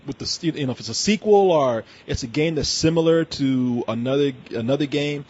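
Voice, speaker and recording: A man's voice: on the high side, brisk, darkish tone, slight background noise. A man hosting a gaming call-in show who chats casually, jokes, and often stammers and restarts. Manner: loose, joking, stammers and restarts. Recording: slightly muffled lo-fi audio.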